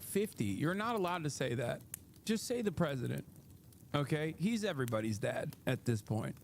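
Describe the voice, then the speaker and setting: A man's voice: on the high side, sing-song, normal speed, vocal fry, slight background noise. A man hosting a livestream, giving casual commentary in a heated, profane rant, often laughing. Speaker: livestream host.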